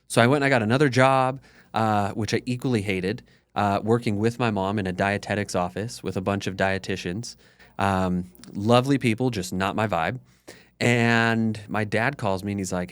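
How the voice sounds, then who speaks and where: A man's voice: fairly low pitch, normal speed, clean tone, dry recording. A man in his thirties, a podcast guest, telling his story in a candid, conversational way full of "like". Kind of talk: casual storytelling interview.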